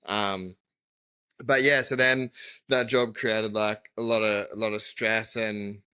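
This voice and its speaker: A man, a podcast guest who tells his story in a chatty, halting way with many fillers. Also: on the low side, flat delivery, pushed and bright, clear, resonant tone, dry recording. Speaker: guest, electrician business owner. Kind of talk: casual podcast chat.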